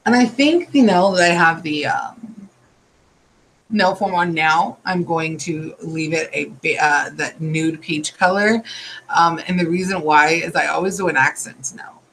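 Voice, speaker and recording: A tired man talks viewers through a nail art tutorial in a loose, chatty way, wandering into asides as he works. His voice sits high for a man. A faint background hum runs beneath him. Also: measured pace, a bit bright, low-quality recording. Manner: chatty, rambling asides while working. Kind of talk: casual step-by-step tutorial.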